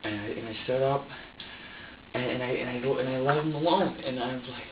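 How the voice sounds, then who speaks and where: A man's voice: medium pitch, fairly quick, slight background noise. A man under police interrogation, talking in an agitated, rambling way and swearing heavily. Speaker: interrogation suspect. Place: interrogation room. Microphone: distant room mic. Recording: dull echoey room audio from far off.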